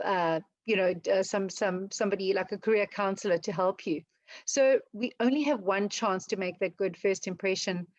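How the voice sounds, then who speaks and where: Fast-talking South African woman presenter. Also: mid-range voice, no room sound, highs cut off. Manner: fast, lively, chatty, with many ums and restarts. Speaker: webinar presenter on interview skills. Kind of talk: casual webinar talk.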